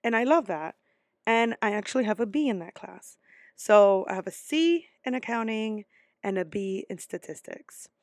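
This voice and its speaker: A woman's voice: medium pitch, expressive, normal speed, a little mellow, dry recording. A young woman college student vlogging casually, telling stories bluntly and swearing freely. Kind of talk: casual vlog rant.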